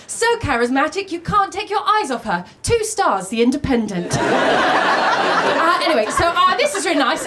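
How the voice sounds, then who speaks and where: A woman doing a rambling, self-deprecating stand-up set on a comedy club stage, recorded live. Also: sits high. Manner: rambling, self-deprecating, with many ums and asides. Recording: live club recording with loud crowd and noise.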